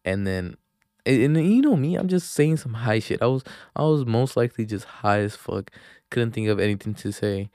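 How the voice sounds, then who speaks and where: This young podcast host has a fairly low voice with lively intonation, slightly mellow, at a normal speed. He chats casually on a handheld mic, rambling through a story packed with swearing and fillers. Studio sound is clean, with no echo.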